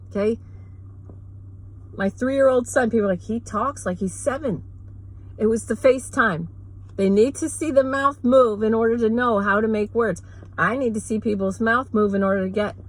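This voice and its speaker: A woman with a fairly high, husky voice delivers a sarcastic comedic rant to camera. She rambles and mocks, tossing in quick asides as she goes. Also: rough recording. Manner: mocking, rambling, fast asides. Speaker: vlogger; mother.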